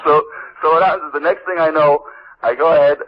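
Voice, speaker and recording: A man calling into a radio talk show, telling his prank call story in a fast, excited way. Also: fairly high pitch. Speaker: caller. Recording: dull lo-fi radio broadcast.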